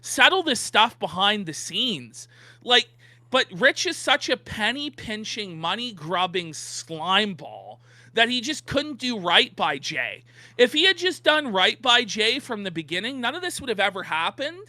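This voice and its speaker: A man's voice: sits high, very animated, a little slow, sharp tone, no echo. A man co-hosting an online commentary show, ranting and mocking with emphatic repetition. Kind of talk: heated commentary on online drama.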